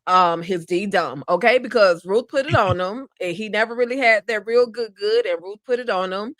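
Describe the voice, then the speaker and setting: A woman's voice: medium pitch, moderate pace, no echo. A woman co-hosting a casual TV recap chat, giving frank, sassy commentary. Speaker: co-host.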